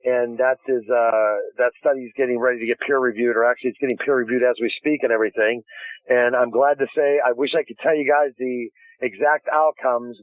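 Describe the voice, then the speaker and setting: A man's voice: medium pitch, no echo. Enthusiastic man on a tinny phone line. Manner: enthusiastic storytelling with many restarts. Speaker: guest inventor. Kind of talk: casual phone interview. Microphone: phone call.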